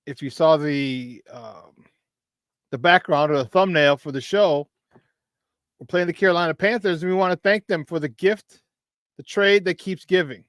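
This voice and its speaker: Male morning sports talk host, hypey, slightly high voice. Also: moderate pace, pauses often, dry recording. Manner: animated, hypey, laughs often.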